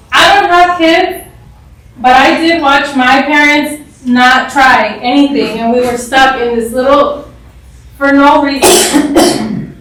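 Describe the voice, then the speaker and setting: A woman telling personal stories to a group in a blunt, straight-talking way, quick to laugh. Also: high voice, a bit bright. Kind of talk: casual storytelling talk. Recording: echoey room from a distant mic.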